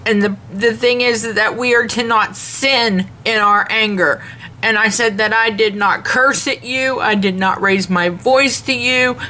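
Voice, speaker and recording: A woman vlogging a complaint, retelling a phone call in an earnest, measured way and speaking openly about her faith. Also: fairly high pitch, fairly even intonation, sharp tone. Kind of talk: complaint rant to camera.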